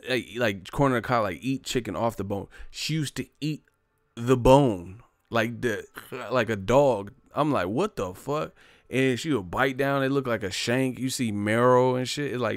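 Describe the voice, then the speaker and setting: Young male streamer, gravelly voice, loose profane comic storytelling, dry close mic. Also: medium pitch, normal speed, no echo. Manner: profane, storytelling, reads chat names, laughs loudly. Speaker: livestream host. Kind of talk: casual comedic rant.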